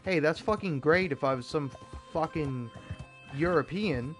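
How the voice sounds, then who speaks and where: A man's voice: a little high, a little slow, soft background music. A young American man ranting with heavy profanity and stammered restarts while commenting over gameplay. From United States. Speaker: gaming YouTuber.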